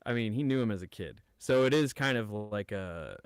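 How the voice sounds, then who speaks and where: A man playing a tabletop game who speaks haltingly, with many fillers. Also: on the low side, expressive, clear, resonant tone, dry recording, clean studio sound. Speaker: player. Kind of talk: tabletop role-play.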